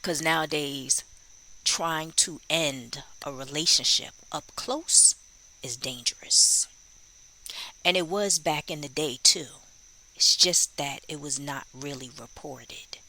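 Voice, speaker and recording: Gravelly, sharp-toned true crime commentator. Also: mid-range voice, slow pace, low-quality recording. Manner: musing, rhetorical, acts out quoted dialogue. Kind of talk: casual spoken commentary.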